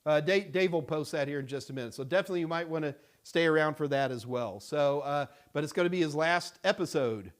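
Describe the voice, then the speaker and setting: Taking viewer questions during a casual studio live stream, the middle-aged host talks fast with few pauses. His voice sits slightly high for a man, and his loose, rambling answers are packed with fillers and false starts.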